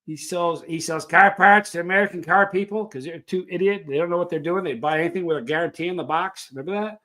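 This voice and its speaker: A man hosts a casual live stream and rambles from one story to the next. His voice sits a little high for a man. He greets viewers by name as he goes. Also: quick pace. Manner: rambling, animated, reads out viewer names. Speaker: livestream host.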